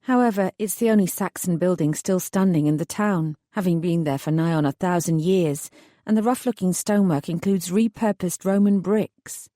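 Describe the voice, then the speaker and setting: A woman narrating a romantic fantasy audiobook in the first person with even, measured storytelling. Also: on the low side, no echo, studio quality.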